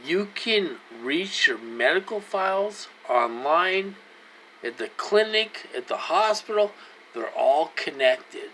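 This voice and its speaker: A man's voice: sits high, animated, slow pace, sharp tone, a little hiss or hum, rough recording. A man in his forties talking straight to his viewers, earnest and pleading, circling back to the same points over and over. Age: 40s. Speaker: vlogger. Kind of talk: casual direct-to-camera talk.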